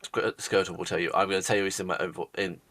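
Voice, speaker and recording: A man narrating as game master of a tabletop game in a brisk, matter-of-fact way. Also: low voice, flat delivery, fairly bright tone.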